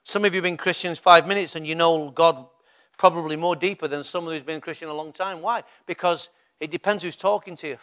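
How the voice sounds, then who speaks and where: A man's voice: on the high side, fairly even intonation, fairly quick, a bit bright. A male pastor preaching a sermon in a conversational way, rising to emphatic bursts.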